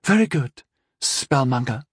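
A man's voice: a little high, lively intonation, moderate pace, no room sound, studio quality, pitched above the performer's own voice. A man voicing a cold, scheming teenage princess in an audiobook, speaking in a sly, condescending drawl. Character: scheming sixteen-year-old princess, cold and tipsy. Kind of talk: audiobook character voice.

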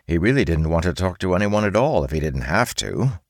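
A man narrating an audiobook in an expressive storytelling manner, recorded close on a studio mic. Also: low-pitched, fairly quick, dry recording. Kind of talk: scripted narration.

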